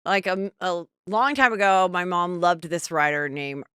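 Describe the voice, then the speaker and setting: A middle-aged woman hosts a podcast in casual, chatty conversation, jumping from story to story. Her voice is low-pitched and smooth, with a clean resonance. The recording is dry and close, with no room sound. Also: animated, normal speed, fairly bright tone, dry recording. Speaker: podcast host. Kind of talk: casual chat.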